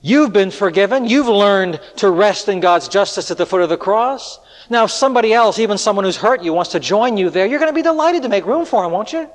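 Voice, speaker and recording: Male preacher, earnest and rhetorical, somewhat high voice, echoey hall. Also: animated, a little fast, few pauses. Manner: earnest, rhetorical, swings between loud appeals and hushed lines. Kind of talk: sermon. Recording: echoey hall with long reverb.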